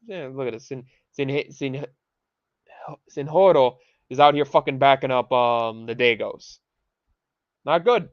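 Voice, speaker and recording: A man's voice: mid-range voice, fairly even intonation, measured pace, no echo. A young man hosting a livestream, ranting with heavy swearing and rambling restarts, and dropping Spanish phrases into his talk. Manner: profane, rambling, heated. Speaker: livestream host. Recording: dull lo-fi home mic.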